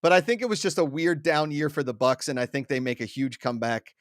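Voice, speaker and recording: Brief: rambling thirties male co-host, a touch high-pitched, dry close mic. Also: animated, fast talker, no room sound. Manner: rambling, chatty storyteller. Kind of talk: casual sports chat.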